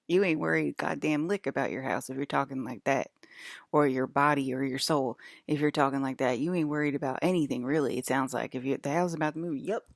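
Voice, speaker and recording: A woman's voice: deep voice, creaky, dry recording, clean studio sound. A woman with a Southern US accent rambling to camera in a casual vlog, swearing and drifting into paranoid asides. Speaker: vlogger.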